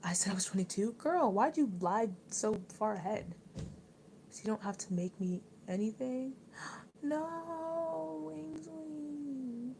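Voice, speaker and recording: A woman's voice: mid-range voice, expressive, moderate pace, darkish tone, slight background noise, rough recording. A young woman hosting a casual livestream, chatting and reading out viewer comments in a rambling way, full of likes and restarts. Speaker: livestream host.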